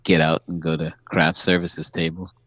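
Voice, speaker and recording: A man guest on a podcast, telling stories about his acting career in a calm, matter-of-fact way and laughing often. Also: low-pitched, normal speed, dry recording. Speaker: actor guest. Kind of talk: casual anecdote telling.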